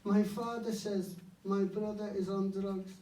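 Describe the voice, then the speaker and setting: An upset young Ukrainian shop worker, put on by a comedian man, speaks in halting, broken phrases. The voice echoes around a club and is caught from far off, with loud room noise behind. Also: sits high, flat delivery. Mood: distressed.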